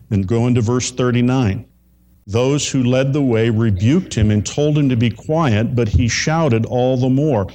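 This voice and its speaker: A pastor preaching a sermon, slowing down and repeating phrases for emphasis. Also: male voice, medium pitch, dark tone. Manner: slows down to stress key phrases, repeats lines for effect.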